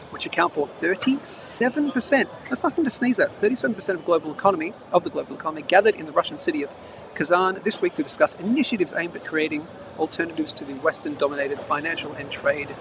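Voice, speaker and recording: Between trains and close to traffic, a chatty Australian host runs a live market stream, reading news items and stopping for brief comments. He has a slightly high voice. Street and traffic sounds come through clearly on the noisy outdoor recording.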